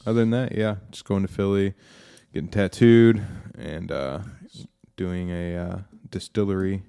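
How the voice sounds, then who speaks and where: A man's voice: low-pitched, fairly even intonation, unhurried, gravelly, mellow, clear, resonant tone. A laid-back man, a podcast guest who talks casually and often answers briefly. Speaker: guest, photographer. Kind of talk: casual chat.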